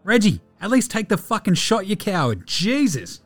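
A man's voice: high voice, huge pitch swings, normal speed, faint music behind. Sweary Australian man ranting. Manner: ranting, profane, mocking. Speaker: podcast host. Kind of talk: casual sports commentary.

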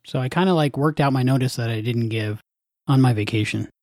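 A man's voice: medium pitch, brisk, a little mellow, no echo. Host, male: easygoing, dry humor, close dry mic. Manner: laid-back, laughs along, dry quips. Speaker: podcast host. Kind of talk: casual conversation.

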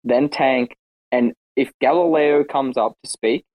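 Excitable man hosting a casual chat. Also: medium pitch, a little slow, narrow, tinny audio. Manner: lively, excitable, herding speakers. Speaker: host.

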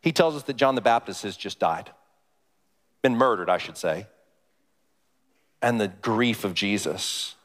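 A man's voice: lowish voice, a little slow, pauses often. A male pastor giving a conversational sermon, often putting questions to the congregation. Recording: long hall reverb.

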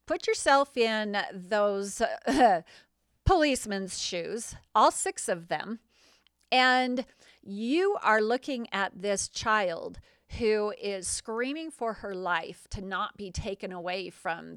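A woman's voice: medium pitch, a bit bright, clear, resonant tone, no echo, studio quality. A middle-aged woman hosting her show, recounting events in an indignant, sarcastic way. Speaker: host. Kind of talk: personal account monologue.

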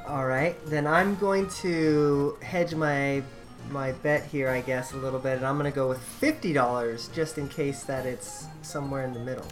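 A man's voice: medium pitch, fairly even intonation, normal speed, soft background music. A man playing a price-guessing game, hedging his guesses in laid-back banter. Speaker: contestant. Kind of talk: casual podcast banter.

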